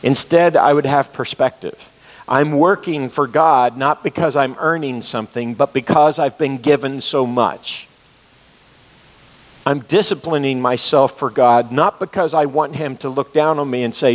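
Earnest preacher in a ringing hall. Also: male voice, mid-range voice, a little slow. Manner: earnest storytelling, repeats for emphasis. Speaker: pastor. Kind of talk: sermon. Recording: long reverb of a large hall.

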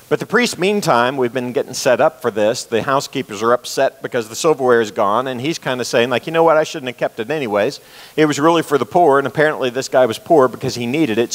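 Brief: male pastor, mid-pitched, earnest sermon delivery, long reverb in a church hall. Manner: earnest storytelling, repeats for emphasis.

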